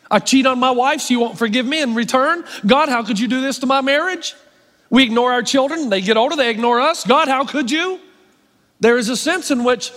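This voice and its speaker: High-voiced preacher in a reverberant hall. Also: male voice. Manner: wry, self-mocking, animated preaching. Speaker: pastor. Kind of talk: sermon.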